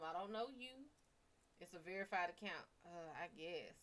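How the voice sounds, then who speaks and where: A woman's voice: medium pitch, moderate pace, a bit bright. A woman with a Cajun-tinged accent, chatting casually on a livestream as a psychic reader, rambling and profane with laughing asides.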